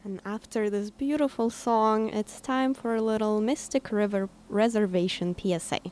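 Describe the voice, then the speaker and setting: A woman at a studio microphone hosts a community radio show. Her voice sits in the middle of the usual range. She reads a public service announcement smoothly, then talks more loosely with "um" fillers as she introduces the next songs. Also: medium pitch, steady tone, moderate pace, a little mellow.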